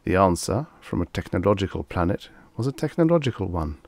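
Deep, gravelly male audiobook narrator. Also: very animated, a little fast, a little mellow, no echo. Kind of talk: scripted narration of vintage science fiction.

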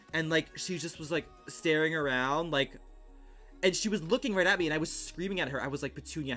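A young man telling a story casually on his livestream at home, in a rapid, animated, filler-heavy way with swearing. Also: on the high side.

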